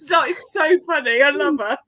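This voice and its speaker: A woman in a casual chat with friends, talking in an excitable, lively way. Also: high voice, moderate pace, no room sound.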